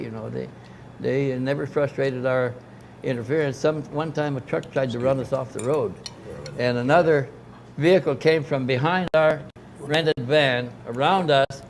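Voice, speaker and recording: This older interviewee has a gravelly, medium-pitched voice and a moderate pace, with slight background noise. He tells a long, rambling story from his experience, mimicking the people he quotes.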